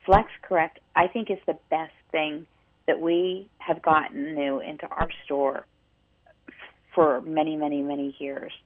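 Low-pitched woman radio co-host, animated storyteller, heard over a thin phone-like line. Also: a little slow. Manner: animated storyteller, many restarts. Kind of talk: casual radio chat, storytelling. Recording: tinny phone-line sound.

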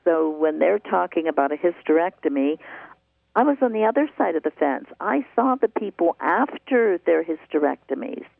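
A woman's voice: lowish voice, lively intonation, moderate pace, vocal fry, dry recording. An older woman hosting a call-in herbal health radio show, telling her story earnestly and repeating words for emphasis. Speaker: herbal shop owner and radio show host. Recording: tinny phone-like radio line.

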